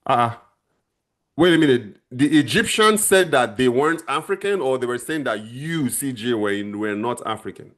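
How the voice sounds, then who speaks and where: A middle-aged man chats on a livestream in a loose, rambling way. He talks straight to his viewers at an everyday pitch. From Nigeria. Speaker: channel host answering viewers. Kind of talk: casual livestream chat.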